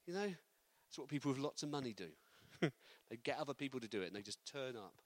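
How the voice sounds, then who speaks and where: A man preaching a sermon, lively and building to loud, emphatic delivery. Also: mid-range voice, fast, no echo.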